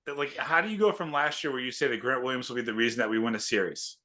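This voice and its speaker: A man co-hosting a casual sports podcast, asking teasing, quick questions. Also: medium pitch, pushed and bright. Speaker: podcast co-host.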